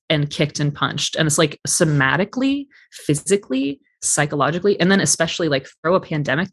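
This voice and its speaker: A man's voice: fairly high pitch, vocal fry, fairly bright tone. A man guest on a podcast, speaking candidly and reflectively in casual conversation, with some swearing. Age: adult parent.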